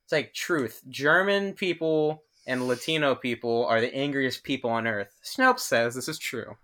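A man's voice: medium pitch, unhurried, fairly bright tone. A young man hosting a podcast, joking and rambling casually with his friends. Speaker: podcast host. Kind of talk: casual chat.

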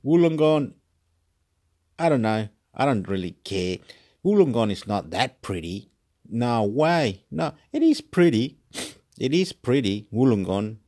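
An Australian man chatting loosely to the camera. He rambles, circles back to repeat his own phrases, and drops swear words without pause. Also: on the low side, expressive, darkish tone. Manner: rambling, repetitive, swears freely. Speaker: vlogger. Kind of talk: casual solo chat.

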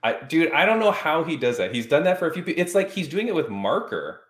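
A man's voice: on the high side, very animated, fast talker, a bit bright, roomy sound. A man hosting an interview podcast, asking eager, admiring questions in a casual way. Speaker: podcast host.

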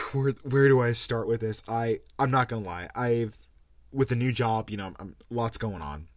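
A tired man ranting on his podcast, mid-pitched and sarcastic, with swearing and laughter breaking into his sentences. The sound is close and dry, with no room around it. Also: measured pace, no room sound. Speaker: podcast host. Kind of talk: casual rant.

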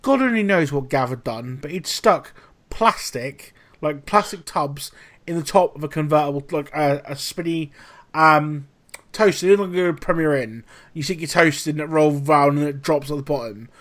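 A man's voice: a little high, normal speed. A man hosting a podcast, telling a story in casual chat with lots of swearing. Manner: animated storytelling, heavy swearing. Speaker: podcast host.

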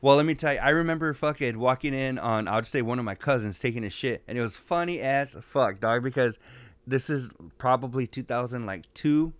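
A podcast co-host in his thirties tells profane stories in casual conversation, saying "dog" a lot. His medium-pitched voice is brisk and smooth, and the recording is dry.

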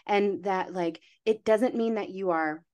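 A young adult woman, a wellness coach, talking casually on a podcast, animated and full of fillers, acting out little inner voices. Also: mid-range voice, a little slow.

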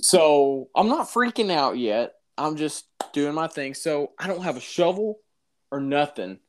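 A man telling a funny personal story in casual chat, animated and often laughing, calling the listener dude. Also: a little high, measured pace, slight background noise.

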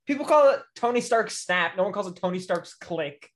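A man guesting on a podcast in casual chat, deadpan and mock-dramatic. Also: sits high, a little fast.

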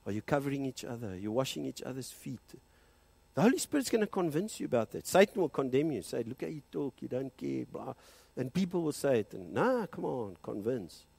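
A South African man preaches a fervent sermon, his husky voice swinging from loud, high peaks down to quiet, low passages. He slips between English and Afrikaans as he preaches, his pitch lively throughout. The sound is close and dry, with no room echo. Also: brisk. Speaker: pastor.

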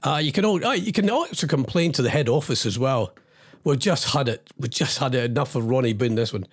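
A man's voice: medium pitch, expressive, brisk, slightly rough. A middle-aged man hosts a radio show, and he rants and rambles in exasperation with wry asides. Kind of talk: ranting radio chat.

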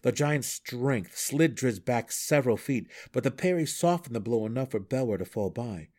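A man reading a fantasy novel aloud for a podcast with dramatic, animated storytelling. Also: mid-range voice, moderate pace. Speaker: audiobook podcast reader.

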